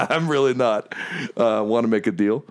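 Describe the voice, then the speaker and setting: A man's voice: medium pitch, moderate pace, pitched above the performer's own voice, natural voice. Man doing a crude, cocky fiend lord. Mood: smug. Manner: laid-back, crude, mocking bro talk. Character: flippant male fiend of a fiery underworld.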